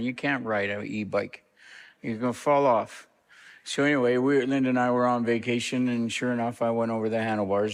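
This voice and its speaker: A man speaks to a church congregation in a plain, conversational storytelling way. His voice sits at a middle pitch. The sound carries a long reverb from the church hall. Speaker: guest minister. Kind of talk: personal testimony to a congregation. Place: church sanctuary.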